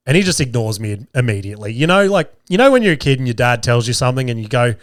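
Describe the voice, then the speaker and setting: A man's voice: medium pitch, very animated, fast, dry recording, studio quality. Man telling podcast stories. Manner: swears freely, acts out quoted lines in voices. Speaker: podcast host. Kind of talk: casual storytelling.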